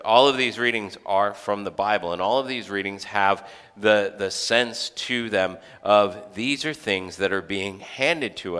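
Preaching from the pulpit, a pastor keeps his sermon chatty, full of jokes on the side and frequent restarts. The voice is on the low side, bright, forceful and smooth, carried by long hall reverb.

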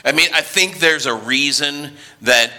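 A man in his thirties preaches with a strikingly bright, ringing tone and a fairly high voice. He speaks slowly and reflectively, circling back over words before landing on them. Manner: hesitant, repeats words, slow and thoughtful. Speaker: pastor. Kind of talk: sermon.

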